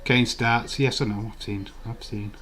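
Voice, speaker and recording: A man's voice: on the low side, fairly even intonation, a little slow, fairly bright tone. A man hosting a live watch-along stream, rambling in casual, profane banter with his chat.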